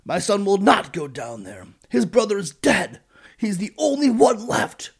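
A man voicing a melodramatic, self-pitying old father who speaks slowly and theatrically. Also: high-pitched, huge pitch swings, creaky, slightly rough, pitched above the performer's own voice, full character voice.

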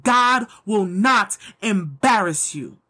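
Husky, fired-up woman preaching. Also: mid-range voice, slow. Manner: emphatic, excitable and repetitive. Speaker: Christian motivational speaker. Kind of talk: devotional pep talk and prayer.

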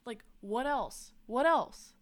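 A woman's voice: on the high side, lively intonation, takes it slowly. A woman co-hosting a casual movie review chat, enthusiastic and emphatic. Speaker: podcast co-host.

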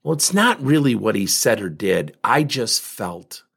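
A man quoting a woman friend who is upset and answers emotionally and defensively, in his own husky voice. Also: fairly low pitch, sing-song, measured pace, a bit bright, voice pushed down, exaggerated voice. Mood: flustered.

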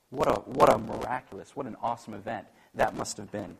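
A man preaching a sermon in an animated way, acting out the voices he quotes and joking about himself. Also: lowish voice, a little fast, gravelly, hardly any pauses, slightly rough, low-quality recording. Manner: animated, acts out quoted voices, self-deprecating humor. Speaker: pastor.

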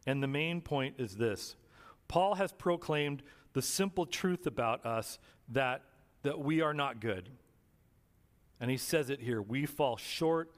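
A male pastor preaching a sermon, telling stories earnestly and slowing down to stress key words. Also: a little high, a bit bright. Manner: earnest storytelling, slows for emphasis. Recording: long reverb of a hall.

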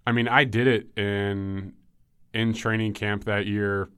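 A man in his thirties, a former football player, telling injury stories in a relaxed way with many ums. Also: lowish voice, takes it slowly, smooth, no room sound, studio quality. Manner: relaxed storytelling with frequent ums and likes. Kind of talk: casual podcast chat.

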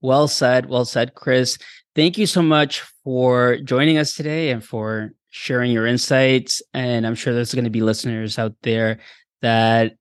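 A man's voice: medium pitch, steady tone, measured pace, clear, resonant tone, no room sound, clean studio sound. A man hosting a podcast interview, affirming his guest and closing the episode. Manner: warm affirming, wraps up the show. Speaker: podcast host.

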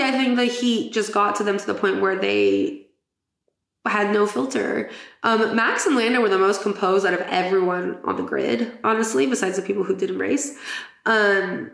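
Chatty giggly woman with gravelly voice. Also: medium pitch, a bit bright, reverberant. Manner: chatty, giggly, swears casually. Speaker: podcast host. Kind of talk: casual chat.

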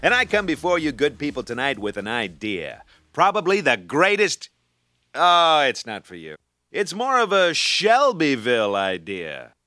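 A slick cartoon con man whose voice swoops up and down in big, bright, showy arcs. He pitches slowly, with a dry, close sound. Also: huge pitch swings, dry recording, full character voice. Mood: slick, persuasive. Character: smooth-talking male salesman con man. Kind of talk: cartoon voice acting.

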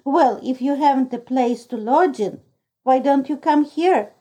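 A deaf old woman who keeps a shabby lodging house, full of sighs and exclamations, voiced by a woman reading the story aloud. She speaks slowly in a soft, mellow tone, pitched a touch high. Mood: gossipy. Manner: exclaiming, throws up her hands. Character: deaf old female lodging-house keeper, gossipy and dramatic.

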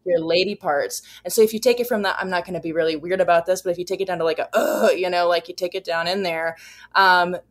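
Low-voiced woman, earnest and reflective. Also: steady tone, fast. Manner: earnest and reflective, with many fillers. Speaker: podcast co-host. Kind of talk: casual chat.

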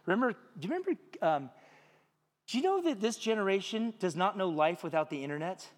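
A man preaching a sermon as pastor, animated, acting out little voices and jokes for the congregation. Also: high voice, brisk, in a large hall. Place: church sanctuary.

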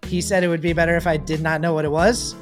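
Easygoing man with a fairly high voice. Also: flat delivery, fast, soft background music. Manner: easygoing, rambling with fillers. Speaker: podcast co-host. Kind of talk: casual chat.

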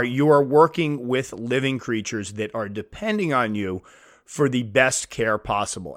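A man's voice: medium pitch, fairly bright tone, no echo, studio quality. A man hosting his own podcast, talking casually and self-deprecatingly, sometimes acting out quoted voices, recorded on a podcast mic at home. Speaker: podcast host. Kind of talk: casual solo podcast talk.

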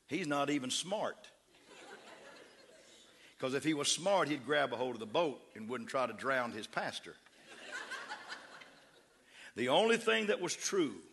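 Bright-voiced pastor telling a story. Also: male voice, medium pitch, breathy edge. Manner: animated, humorous storyteller. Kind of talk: sermon storytelling.

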